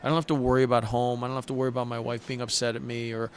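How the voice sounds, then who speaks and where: This middle-aged poker player, a guest on a show, races through his personal stories in a mid-range voice. Sincere and heartfelt, he recounts them animatedly in conversation, restarting frequently.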